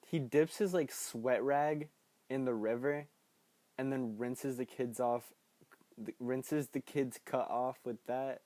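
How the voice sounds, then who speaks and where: Guy rambling thru a movie recap on his podcast, mellow and dry, laughs a lot. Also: medium pitch, dry recording. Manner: rambling, laughs often, swears, acts out quotes. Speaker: podcast host reviewing a film. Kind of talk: casual recap chat.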